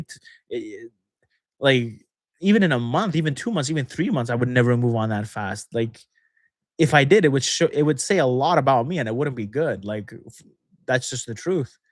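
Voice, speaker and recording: A man's voice: mid-range voice, no echo, studio quality. A young man hosting a casual livestream Q&A as a manifestation coach, chatty and rambling, laughing often between thoughts.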